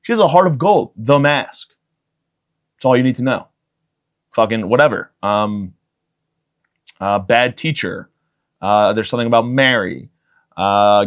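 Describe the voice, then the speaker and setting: A man in his thirties carries his podcast solo, rambling from one joke to the next. He swears freely and pokes fun at himself in a loose, unscripted monologue. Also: lowish voice. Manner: profane, self-mocking, riffing. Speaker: podcast host.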